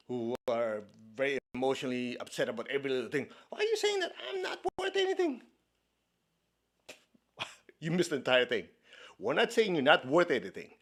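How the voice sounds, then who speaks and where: A man from China giving a spiritual talk as a meditation teacher, conversational and playful, often checking in with his listeners. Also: medium pitch. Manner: laughs often, playful asides.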